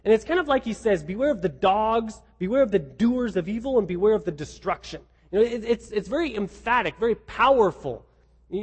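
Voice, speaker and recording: A man's voice: high voice, husky, in a large hall. A man preaching a sermon as pastor, emphatic and repeating himself as he restarts phrases.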